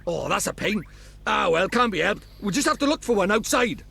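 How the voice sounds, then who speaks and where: A man voicing a cheeky, teasing little male fairy companion with a put-on Welsh accent and a gravelly, sarcastic delivery. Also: sits high, expressive, brisk, sharp tone, pitched above the performer's own voice, heavily acted. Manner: sarcastic and mocking.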